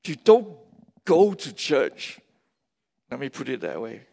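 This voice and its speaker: Slow gravelly pastor preaching, keeps repeating his point, big echoey hall. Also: mid-range voice, huge pitch swings, mellow. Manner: emphatic, repeats key phrases for stress. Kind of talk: sermon. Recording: long reverb of a large hall.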